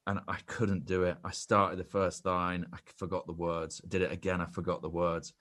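A young man with a very low voice, chatting as a podcast guest. He spins a self-mocking anecdote, often restarting his sentences, close on a studio mic. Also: flat delivery, moderate pace, a bit bright. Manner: self-deprecating storyteller with frequent restarts. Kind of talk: casual podcast chat, anecdote.

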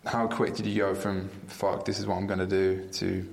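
A man hosting a casual interview, asking quick probing questions. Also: sits low, flat delivery, vocal fry, in a large hall. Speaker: interviewer host.

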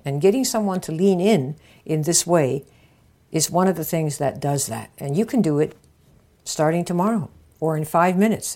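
A woman hosting a marketing podcast, coaching listeners in a casual way and acting out little conversations with bright shifts of tone. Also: low voice. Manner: acts out little dialogues with lively shifts of tone.

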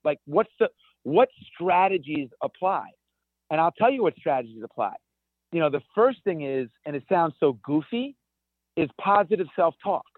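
A man's voice: a little high, moderate pace, no echo. Man with a tinny phone-line voice. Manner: energetic storyteller, many restarts. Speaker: guest, ultrarunner. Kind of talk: conversational interview. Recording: tinny phone-like dry sound.

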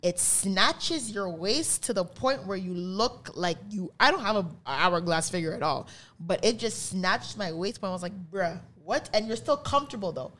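A young woman hosts a podcast with blunt, profane excitement. She talks casually and fast-shifting, at a middle pitch for a woman, gushing over things she loves. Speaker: podcast host. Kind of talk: casual chat.

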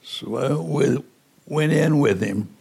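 An older man, a former prosecutor, slowly recalling events in an interview, with halting pauses. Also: medium pitch, gravelly, a little mellow, slightly rough. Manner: slow, halting recollection.

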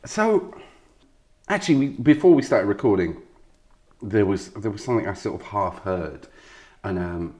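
A man's voice: lowish voice, lively intonation, moderate pace, long pauses, a little mellow. A man from Zimbabwe hosting a casual podcast interview, asking long, rambling, playful questions. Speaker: podcast host.

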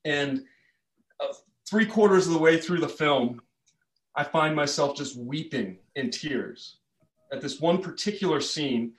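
Man, preacher, sermon, slow earnest storytelling, a bit high, echoey church.

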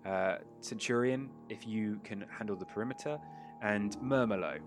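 A man voicing a smooth, charming male crime boss in a tabletop game, speaking politely. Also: on the low side, moderate pace, over music, natural voice. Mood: reassuring.

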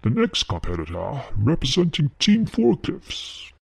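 A gravelly old gannet announcer, put on by a male narrator, rasping out slow, grand announcements. Heavy fry and a husky edge color each word, and the sound is dry and close. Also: mid-range voice, huge pitch swings, dry recording, voice pushed up, heavily acted. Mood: announcing. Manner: slow, self-important announcing.

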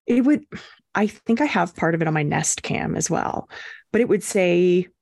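A young woman co-hosting a podcast, telling a story in a casual, animated way and acting out quotes. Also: lowish voice, moderate pace, vocal fry, dry recording. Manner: animated, acts out quotes with swearing and laughs. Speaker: podcast co-host.

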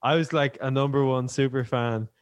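A young man, a musician guest on a podcast, chatting in a relaxed, easygoing way. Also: medium pitch, moderate pace, clear, resonant tone, highs cut off. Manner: relaxed, easygoing, reactive interjections. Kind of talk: casual chat.

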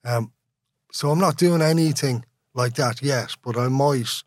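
A man's voice: mid-range voice, measured pace, dry recording. A man with an Irish accent talking as an interview guest, rambling and candid, laughing often and swearing freely. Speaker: guest, musician. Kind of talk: casual conversational interview.

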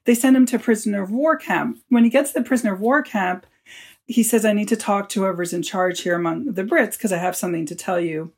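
A woman, an author being interviewed, telling a long story with lively quoted lines. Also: mid-range voice, brisk, slightly rough. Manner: animated storyteller, quotes people in her tale. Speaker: author and guest.

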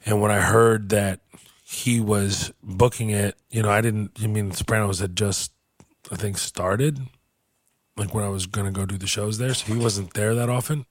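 A man hosting a podcast, telling a long comedy anecdote in a loose, profane, animated way and acting out the people in his story. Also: lowish voice, moderate pace, dry recording.

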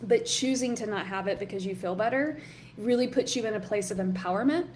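A woman's voice: mid-range voice, a little fast, darkish tone, a little hiss or hum. A woman hosting a live online workshop as a coach, chatty and encouraging, reading out comments from the chat. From Southern US.

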